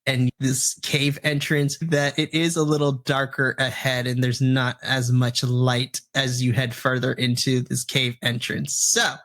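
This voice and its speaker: A man's voice: mid-range voice, little pitch movement, measured pace, few pauses, fairly bright tone. A man narrating a tabletop game as dungeon master in a loose, chatty way.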